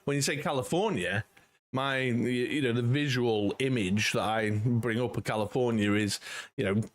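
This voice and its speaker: A British man in his forties hosts a casual livestream from home, chatting with viewers in a friendly, rambling way full of "you know"s. His voice sits at a medium pitch and keeps a moderate pace.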